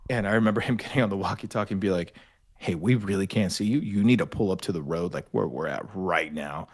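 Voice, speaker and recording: This young veteran's low voice races along as he swaps army tales on a casual podcast, peppering them with swearing and acting out every quote with animated flair.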